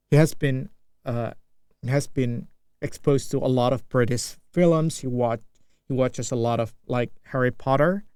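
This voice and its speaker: A man's voice: medium pitch, a little mellow, dry recording. A young Indonesian man with an Indonesian accent, English not his first language, speaking unscripted practice talk full of restarts and fillers as he searches for words. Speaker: English learner.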